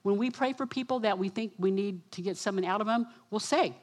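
Woman preacher, sermon delivery, lively storyteller who acts out quotes, mid-pitched. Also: fast talker. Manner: animated storytelling, quotes herself and others.

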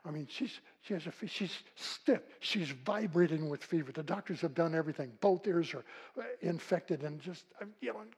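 In a roughly recorded sermon, an older pastor tells folksy stories in a husky voice that sits on the high side. His moderate-paced delivery shifts between loud calls and quiet, hushed stretches.

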